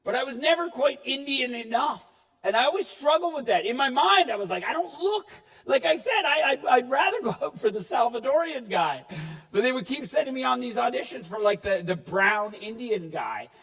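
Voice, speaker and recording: A Canadian actor giving a conference keynote, animated and self-deprecating, acting out quotes as he tells stories. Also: very high-pitched, moderate pace, far from the mic, poor audio. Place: conference hall.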